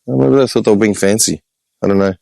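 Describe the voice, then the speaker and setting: An Australian man, a podcast host, telling stories in an animated, exasperated way with blunt swearing, in a casual walk-and-talk vlog. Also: on the low side, quick pace, gravelly, no echo, low-quality recording. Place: outdoor hillside cemetery with birds.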